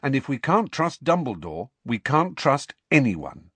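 A man voicing a clever, bossy teenage schoolgirl in an audiobook, lifting his pitch and speaking brisk and snappish. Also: very animated, husky, no echo. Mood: sharp. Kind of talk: audiobook character reading.

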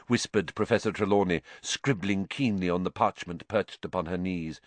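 A man reading a story aloud in an expressive, measured way. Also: deep voice, no echo. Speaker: audiobook narrator. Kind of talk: scripted narration.

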